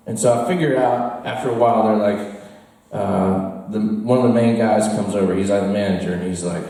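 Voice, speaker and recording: A man's voice: on the low side, brisk, dark tone. Rambling self-mocking American man. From United States. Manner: rambling, self-deprecating, laughs at own story. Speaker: storyteller. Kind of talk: live comic storytelling. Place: bar with live audience. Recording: roomy echo, from far off.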